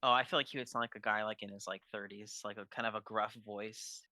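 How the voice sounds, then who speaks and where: A man's voice: lowish voice, fairly even intonation, fast talker, bright, forceful tone. A man co-hosting a live stream while drawing, talking casually and laid-back, trailing off mid-thought. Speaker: co-host and artist drawing live.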